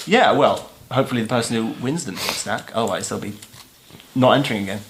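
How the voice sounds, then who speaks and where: A man's voice: mid-range voice, fast, slight background noise. A man co-hosting a podcast, teasing his friends in a dry way and announcing a giveaway. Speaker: podcast co-host. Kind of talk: casual chat, announcing a giveaway.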